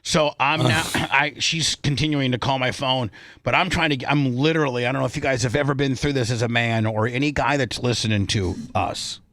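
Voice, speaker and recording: A middle-aged man on the radio rambles through a long story, speaking a little fast in a mid-range voice without echo. He stays animated throughout, doing the voices of the people he quotes.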